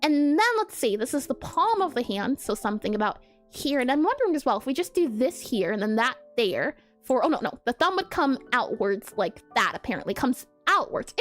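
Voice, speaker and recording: A woman streamer with a slightly nasal, nerdy voice and a scratchy throat, chatting and thinking aloud as she draws. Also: sits high. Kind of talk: casual live-stream chat while drawing.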